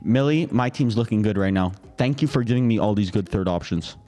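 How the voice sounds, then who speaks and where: A man's voice: lowish voice, fairly quick, warm tone, big-room sound. A man bantering and bidding in a casual group game, teasing the others with playful jabs. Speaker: show regular, bidder.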